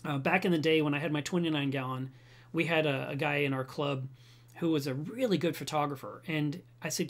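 A man hosting a reef aquarium channel, chatting casually with viewers and telling stories in an animated way, with frequent restarts and chuckles. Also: fairly high pitch, a little fast. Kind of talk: casual live chat answering viewer comments.

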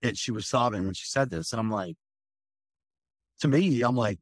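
A firefighter, telling a candid, rambling personal story in an interview, full of fillers and swearing. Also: male voice, medium pitch, normal speed, pauses often, no echo.

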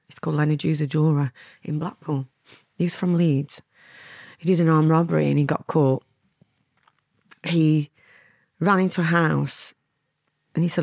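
A woman's voice: low voice, creaky, a little mellow, no room sound. Lancashire woman in her fifties, interview guest, chatty storyteller who laughs and acts out what people said, dry close mic. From England.

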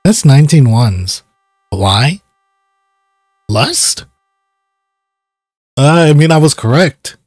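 A man's voice: medium pitch, very animated, slow pace, pauses often, darkish tone, no room sound, studio quality. Laid-back man swearing through game commentary. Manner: swears and laughs, reads game dialogue aloud. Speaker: gaming channel host. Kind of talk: casual let's-play commentary.

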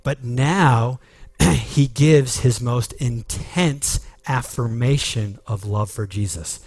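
A male pastor delivers a sermon at an unhurried pace, leaning into key words with earnest emphasis. He often restarts his phrases mid-thought. The sound is dry and close, with no room echo. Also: mid-range voice, a little mellow, husky.

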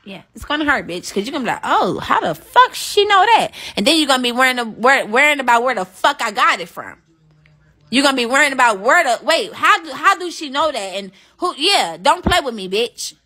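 Brash high-voiced woman livestreamer. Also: lively intonation, fairly quick, sharp tone. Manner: brash, profane trash talk. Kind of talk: casual livestream chat with viewers.

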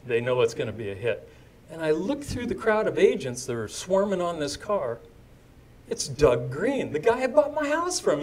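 A man's voice: mid-range voice, a little mellow. An older man telling a story to a live audience, chatty and digressive, with asides to the crowd. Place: indoor event before a live audience.

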